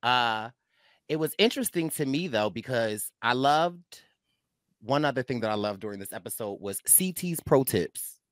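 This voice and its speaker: A man hosting a casual recap chat, animated and often laughing as he acts out quotes. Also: mid-range voice, moderate pace, dry recording, studio quality. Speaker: host.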